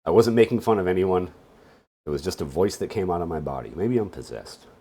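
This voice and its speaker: A deep, slightly husky man talks through a casual tutorial, sounding sleepy. His delivery wanders up and down a lot, with wry little jokes tossed in between explanations. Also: lively intonation, fast, mellow. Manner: rambling, with wry joking asides. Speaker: database instructor. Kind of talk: casual screen-share tutorial.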